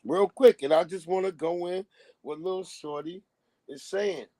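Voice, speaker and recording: A man's voice: high-pitched, measured pace, dark tone, no room sound. Emphatic man hosting a livestream. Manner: emphatic, profane, calls the audience "family". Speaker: livestream host reacting to clips. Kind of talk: casual live-stream commentary.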